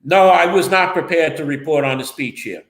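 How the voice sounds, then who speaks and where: A man's voice: fairly high pitch, moderate pace, fairly bright tone, reverberant, low-quality recording. A man co-hosting a local political talk show, defensive and rambling as he explains himself. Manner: defensive, rambling, repeats the other host's name. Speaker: co-host and local reporter. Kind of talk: casual political chat show.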